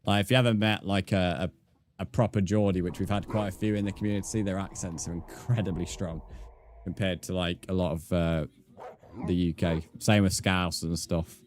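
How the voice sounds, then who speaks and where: A man's voice: deep voice, steady tone, moderate pace, a little hiss or hum. A British man chatting casually on a live game stream, easygoing, with lots of fillers as he reads out the chat. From United Kingdom.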